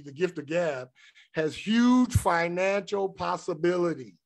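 A man's voice: high-pitched, lively intonation, a little slow, vocal fry. A middle-aged man hosting a spiritual podcast, reading passages aloud and then riffing on them in a candid, profane, personal way. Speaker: podcast host. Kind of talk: casual spiritual monologue.

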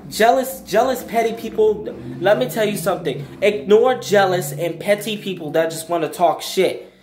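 A man's voice: sits high, normal speed, a little mellow, slight background noise. A young man ranting in a vlog, emphatic and blunt, repeating his points with slang. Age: young adult. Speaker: vlogger. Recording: echoey room.

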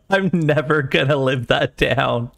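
A man's voice: fairly high pitch, slow pace, vocal fry, fairly bright tone. Giggly, flustered young male streamer. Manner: giggly, flustered, self-mocking. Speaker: livestreamer. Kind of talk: casual gaming stream chat.

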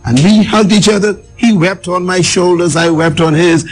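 A man's voice: sits high, normal speed, soft background music. A man from the Bahamas, telling a personal story as a guest in an emphatic, dramatic way.

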